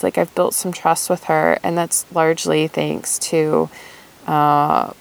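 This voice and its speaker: Slow, gravelly-voiced reflective woman. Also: low-pitched, little pitch movement. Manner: thoughtful, hesitant, many pauses. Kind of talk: reflective personal monologue.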